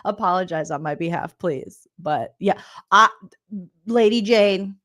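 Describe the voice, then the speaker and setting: A woman comedian recapping reality TV in a loud, profane, incredulous rant, laughing often. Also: medium pitch, a little slow.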